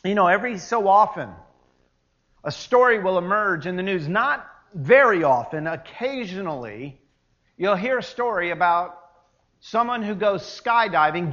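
A male pastor delivering a sermon in an animated, emphatic way, with playful asides and repeated key words. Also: sits high, muffled recording.

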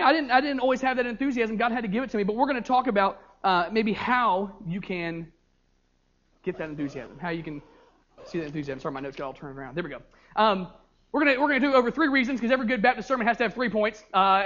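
In a dull, lo-fi recording, a young male youth pastor delivers a sermon in a voice pitched high for a man. His storytelling is energetic and animated, though he keeps stumbling over repeated words.

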